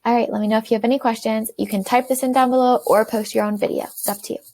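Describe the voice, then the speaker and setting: A woman teaching beginners in a self-recorded video lesson, repeating words slowly and clearly for learners. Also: fairly high pitch, fairly even intonation, a little mellow. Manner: clear, slow repetition for learners. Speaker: language teacher.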